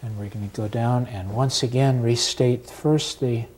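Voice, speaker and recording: A man teaching an oil portrait step by step, talking calmly with pauses while he paints. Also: medium pitch, breathy edge. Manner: slow, unhurried and calm, with pauses while working. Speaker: painting instructor.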